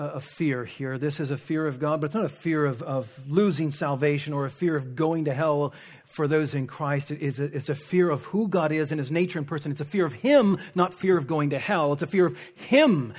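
A man delivers a sermon in an earnest, driven way. His voice sits a little high and has a husky edge. He presses hard on key lines, then drops to quiet, hushed phrases. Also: brisk. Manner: earnest, swings from emphatic to hushed. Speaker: preacher.

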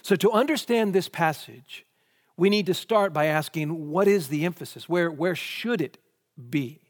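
A man's voice: fairly high pitch, moderate pace, big-room sound. A man preaching a sermon, posing question after question before answering them emphatically.

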